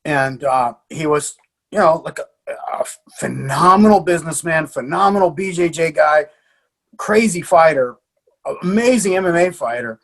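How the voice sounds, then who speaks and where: Man, American, middle-aged, husky, fairly high voice, animated storyteller, podcast guest. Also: moderate pace. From USA. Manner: animated storyteller, swears, frequent restarts and laughs. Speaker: podcast guest, jiu-jitsu coach. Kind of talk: casual storytelling.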